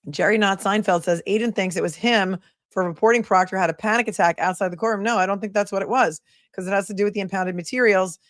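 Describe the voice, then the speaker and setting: A woman's voice: mid-range voice, fast talker, dry recording, studio quality. A woman attorney hosting a casual livestream, reading viewer messages aloud and thanking them in a chatty, affectionate way.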